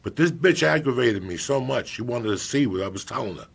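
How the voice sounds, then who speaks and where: On a podcast, a middle-aged man with a gravelly, husky mid-range voice tells a profane comic story fairly quickly. He gets animated and loud at times and goes hushed at others.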